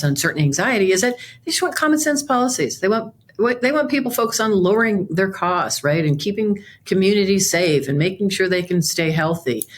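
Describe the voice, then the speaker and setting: A middle-aged woman senator from Nevada gives a political interview in a fairly low voice. She talks earnestly, repeating words and restarting her sentences as she works toward her point. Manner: earnest, repeats words while searching for phrasing.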